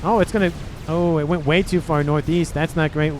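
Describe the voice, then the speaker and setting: Excitable man casting a strategy game. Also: on the high side, a little fast, noisy background. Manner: excitable, talks to the players. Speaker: game caster.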